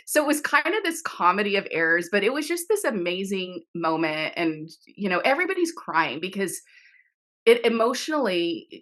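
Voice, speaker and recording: A middle-aged woman recounts a story over a video call. She talks animatedly, laughing and restarting her sentences often. Her pitch sits in an ordinary middle range. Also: a bit bright. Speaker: author guest. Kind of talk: casual interview storytelling.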